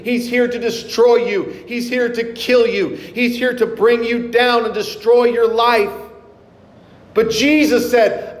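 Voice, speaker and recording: A middle-aged male pastor preaching a sermon, earnest, slowing down for scripture quotes. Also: very high voice. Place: church sanctuary. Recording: echoey hall, mic in room.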